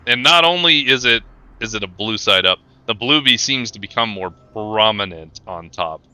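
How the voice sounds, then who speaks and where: A man's voice: fairly low pitch, lively intonation, normal speed, pushed and bright, clean tone. A man running a tabletop game as game master, narrating casually with lots of fillers.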